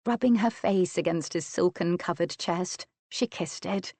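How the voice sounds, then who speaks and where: A woman narrating an audiobook of a romance novel with a slow, sensual, deliberate reading. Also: lowish voice, warm tone, no echo.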